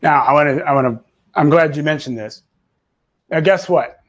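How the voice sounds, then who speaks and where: A man hosting, coaching a live audience in an animated, profane, mocking way. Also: on the high side, moderate pace. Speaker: host.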